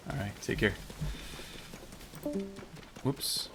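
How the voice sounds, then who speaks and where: A man's voice: on the low side, moderate pace, music in the background. A man streaming a game, chatting casually and musing aloud with fillers and self-corrections as he plays. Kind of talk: casual live-stream chat while gaming.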